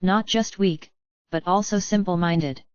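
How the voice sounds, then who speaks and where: A man's voice: high voice, measured pace, clean tone, no room sound, lo-fi sound. A woman reading the lines of an arrogant, scornful young male fighter in a storybook, with a blunt, cold tone.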